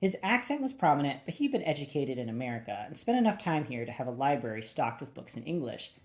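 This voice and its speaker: Audiobook narrator, woman, low pitch, wry and animated. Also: fast talker. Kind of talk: first-person audiobook narration.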